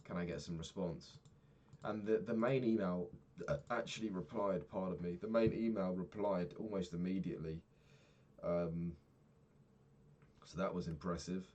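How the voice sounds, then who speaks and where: A man's voice: deep voice, fairly even intonation, moderate pace, darkish tone, dull audio. A young man in his twenties talking frankly in a rambling daily vlog, swearing casually and filling gaps with ums. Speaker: vlogger.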